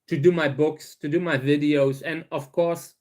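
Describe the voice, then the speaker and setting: A man's voice: fairly high pitch, steady tone, moderate pace, a little mellow. A middle-aged man from Germany's Saarland with a thick German accent, talking casually to his viewers with many fillers and restarts. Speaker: cactus grower and channel host. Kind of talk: casual talk to camera.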